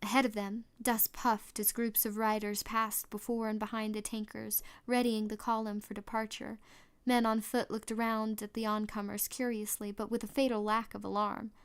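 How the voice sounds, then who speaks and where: A woman reading a novel aloud as a storybook narration, steady, with small restarts now and then. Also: mid-range voice, moderate pace, clean tone. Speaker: audiobook reader.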